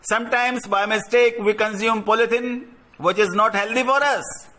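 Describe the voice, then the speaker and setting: A man reading the lines of a farm cow worried about finding good food, in a slow, plain reading voice. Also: high voice, fairly even intonation, pushed and bright. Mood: complaining.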